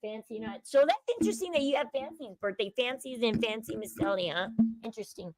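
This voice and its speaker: Faint music plays behind a fast-talking woman with a fairly high pitch in this rough recording. She hosts a casual livestream, chatty and opinionated, reading the chat aloud and talking with viewers.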